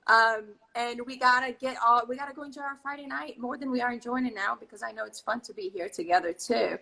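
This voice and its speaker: A woman with a fast, gravelly, sharp-toned voice on the high side hosts a live baking stream over video call, and the recording quality is low. She chats effusively in a casual way, reading out viewer comments about where people are watching from.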